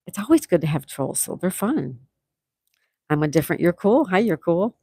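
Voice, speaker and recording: A woman's voice: lowish voice, warm tone, slightly rough, no echo, clean studio sound. A woman hosting a casual livestream, chatting and reading out viewer comments, laughing often. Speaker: livestream host.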